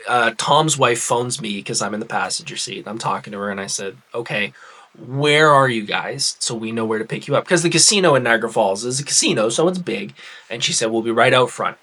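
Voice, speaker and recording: A man casually telling a funny personal story to his viewers, in a chatty, animated way. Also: medium pitch. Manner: chatty, animated retelling with fillers. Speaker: storyteller vlogger.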